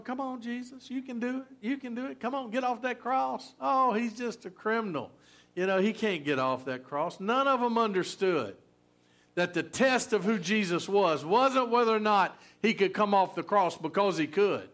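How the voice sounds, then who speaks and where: A man preaching a sermon from the pulpit, fairly high-voiced. He talks to the congregation in a loose, conversational way, full of fillers and restarts. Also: a bit bright. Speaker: pastor.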